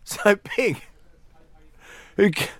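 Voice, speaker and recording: An Australian man hosting a talk radio show, telling a story with lively acted quotes in a studio. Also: drawn-out words, no echo. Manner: animated storyteller, acts out quotes. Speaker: radio host.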